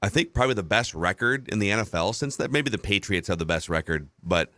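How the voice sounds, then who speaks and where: A man's voice: fairly low pitch, lively intonation, quick pace, bright, forceful tone. A man in his thirties hosting a sports podcast, musing in casual talk and hedging his points with many restarts. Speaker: podcast host.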